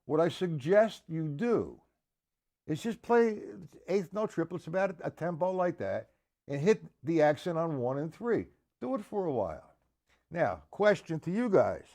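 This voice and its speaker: A man's voice: fairly high pitch, big pitch swings, measured pace, darkish tone. A man teaching a live-streamed drum lesson, counting beats aloud and asking viewers to respond.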